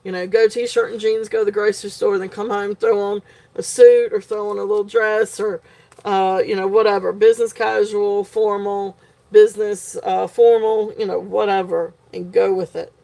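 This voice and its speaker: A woman's voice: mid-range voice, little pitch movement, moderate pace, gravelly, mellow. Woman, live auction host, selling jewelry from home, gushing, filler-heavy.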